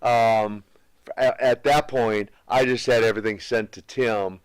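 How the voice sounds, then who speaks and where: A man who was once a pro wrestler, guest in a casual interview, telling stories in a relaxed way with many restarts. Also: mid-range voice, unhurried, clear, resonant tone, dry recording.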